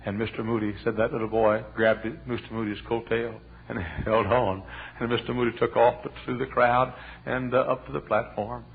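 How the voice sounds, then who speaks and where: A man preaching from the pulpit, pressing his point home with repeated calls and rhythmic phrases. His voice sits at a middling pitch. The sound is thin and narrow, like an old lo-fi tape of a church service. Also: little pitch movement, moderate pace, vocal fry. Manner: fervent preaching with repeated exhortations. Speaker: pastor. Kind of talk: sermon. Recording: tinny lo-fi sermon recording.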